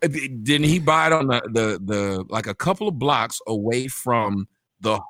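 A man who is a podcast guest, speaking emphatically in quick bursts and often repeating words. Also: medium pitch, lively intonation, sharp tone, no echo. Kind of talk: conversational interview.

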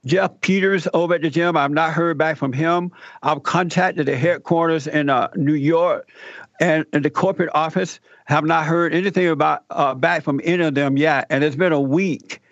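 A man's voice: on the high side, normal speed, no echo, highs cut off. An older man, a radio talk show host, telling a personal story as an interview guest and acting out the dialogue in it. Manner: animated storyteller, acts out quoted dialogue.

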